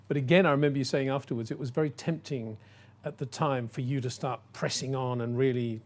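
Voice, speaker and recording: A man's voice: medium pitch, fairly even intonation, brisk. A man presenting the show, narrating history and chatting admiringly with his guest.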